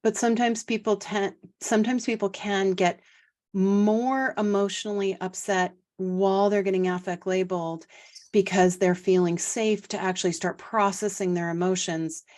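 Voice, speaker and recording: A woman's voice: mid-range voice, fairly even intonation, normal speed, a little mellow. A woman co-hosting a relationship talk, chiming in eagerly with practical tips. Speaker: co-host. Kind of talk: casual chat.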